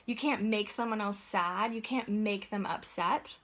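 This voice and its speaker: A woman's voice: mid-range voice, unhurried, fairly bright tone. A woman giving an earnest, conversational motivational talk as a life coach, often checking in with "right?".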